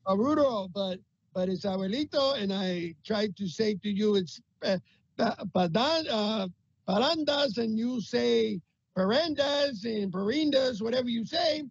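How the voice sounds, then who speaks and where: Someone doing a gravelly old grandpa. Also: medium pitch, expressive, measured pace, no room sound. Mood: chatty. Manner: stammering, broken English. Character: warm old grandpa, jokey, fumbling. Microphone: video call. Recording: dull lo-fi call audio.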